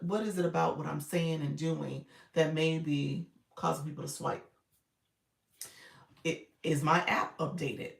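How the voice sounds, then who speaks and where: A woman coaching beginners over a live stream, chatty and quick to laugh, her sentences full of restarts. Her voice has a gravelly edge, and the sound comes from an echoey room. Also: sits low. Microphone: live-stream setup.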